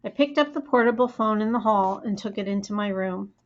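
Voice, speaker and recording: A woman's voice: medium pitch, fairly quick. Woman narrating a first-person audiobook. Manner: plain, steady storytelling. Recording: dull lo-fi audio.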